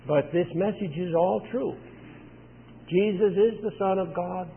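A man's voice: high-pitched, measured pace, gravelly, slight background noise. A man preaching a sermon, telling the story earnestly and pushing hard on key words. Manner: earnest storytelling with emphatic pushes. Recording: tinny phone-like sound with long reverb.

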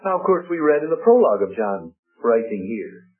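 A man preaching a sermon, slowing down and leaning hard on key words. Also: mid-range voice, sing-song. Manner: emphatic, slows and stresses key words. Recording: tinny lo-fi broadcast audio.

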